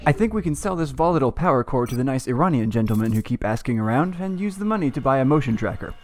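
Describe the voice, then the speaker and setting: A man narrates a strategy game with dry, sarcastic humor. He speaks in a deadpan manner at a middle pitch. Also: fast. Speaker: gameplay commentator. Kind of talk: comedic scripted let's-play commentary.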